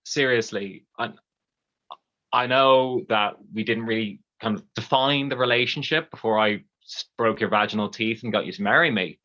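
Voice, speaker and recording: A storyteller voicing a scheming husband with an Irish accent, mock-earnest and deadpan. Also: medium pitch, moderate pace, dull audio, close to an everyday voice. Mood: pleading. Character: scheming husband, blunt and sly.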